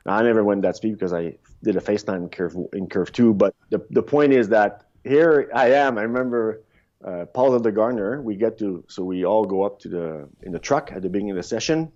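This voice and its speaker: Casual guy in his 50s, low voice, tells stories all over the place, restarts a lot, muffled sound. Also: a little fast. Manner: rambling, animated, frequent restarts. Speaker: podcast guest, former luge athlete. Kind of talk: casual interview storytelling. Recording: dull lo-fi sound.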